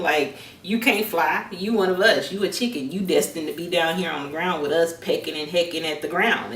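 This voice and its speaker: A woman hosting an inspirational faith talk, telling a story in an earnest, measured, encouraging way, recorded with a roomy echo from a distance. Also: low-pitched. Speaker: faith podcast host.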